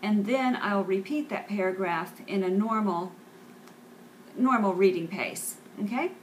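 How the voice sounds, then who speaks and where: A woman leads a pronunciation lesson at a very slow, deliberate pace, saying each vocabulary word several times with careful enunciation. Her voice sits in a mid pitch. A faint hiss of background noise runs under the recording. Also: poor audio. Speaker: English teacher.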